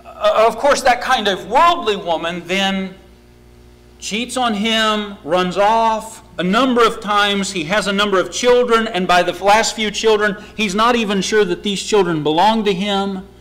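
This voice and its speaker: A man's voice: sits high, a little slow, fairly bright tone, low-quality recording. A man preaching a sermon in a church, earnest and questioning his listeners. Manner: earnest, asks the congregation questions.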